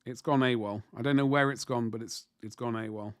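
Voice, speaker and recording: Painting miniatures on a livestream, a man in his forties chats casually, rambling and self-deprecating while responding to chat. The voice is mid-range and steady, a little fast, recorded at studio quality with no echo.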